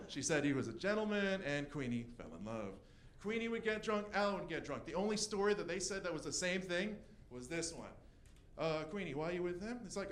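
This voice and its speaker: A young man doing a stand-up comedy set, telling a story with quick voice switches for the people in it. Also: fairly high pitch, lively intonation, a bit bright, slight background noise. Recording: echoey room.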